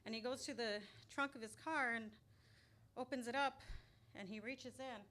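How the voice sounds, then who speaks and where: A woman from Albuquerque telling a true story on stage in a small restaurant, lively and laughing often. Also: a little high, normal speed. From Albuquerque, New Mexico. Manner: lively, laughing often, loud acted outbursts. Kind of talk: live personal storytelling. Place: small restaurant venue, live audience. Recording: live room with faint background noise.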